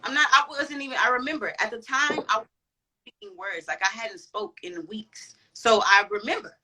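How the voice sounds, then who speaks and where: Bright-voiced woman telling a candid story. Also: a little high, normal speed, poor audio. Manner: candid, profane, slangy and emphatic. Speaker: guest. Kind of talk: casual storytelling chat.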